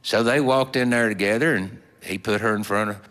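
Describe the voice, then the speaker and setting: A man telling a folksy story in a slow, drawling, homespun way with plenty of fillers. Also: fairly low pitch, fairly bright tone. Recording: long hall reverb.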